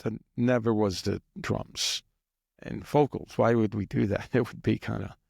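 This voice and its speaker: A man's voice: fairly low pitch, steady tone, a little slow, vocal fry, a little mellow, slightly rough, dry recording, clean studio sound. A man guest on an interview, rambling through anecdotes and sometimes mimicking drum beats in a casual, chuckling way. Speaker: guest drummer.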